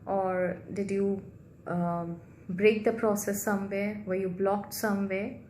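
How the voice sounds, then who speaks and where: A woman guiding a healing meditation in a soft, gentle, slow and repetitive way. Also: mid-range voice, little pitch movement. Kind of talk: guided meditation. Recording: roomy echo with faint background hiss.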